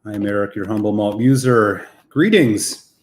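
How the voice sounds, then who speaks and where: A man's voice: on the low side, normal speed. A man hosting a live whisky stream, chatting casually and greeting viewers by name, a little out of breath after a run.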